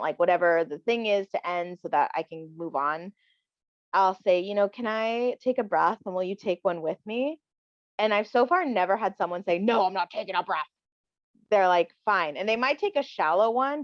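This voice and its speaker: A woman's voice: on the low side, dry recording. A woman talking candidly and reflectively as a guest in a casual chat, often acting out what she says to others. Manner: candid, reflective, acts out quoted lines. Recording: dull dry lo-fi sound.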